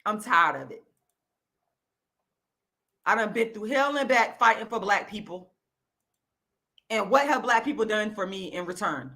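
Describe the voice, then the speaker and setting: Bright-voiced woman ranting on camera. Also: medium pitch, animated, measured pace, pauses often. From Florida, US. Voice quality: loud, profane, repetitive emphatic delivery. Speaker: YouTube channel host. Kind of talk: angry direct-to-camera rant.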